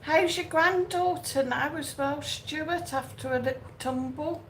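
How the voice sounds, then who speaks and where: A woman's voice: high-pitched, measured pace, fairly bright tone, low-quality recording. A woman hosting a casual live stream, greeting viewers by name and chatting through their comments. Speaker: livestream host. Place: outdoors or home in Benidorm. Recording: faint background noise.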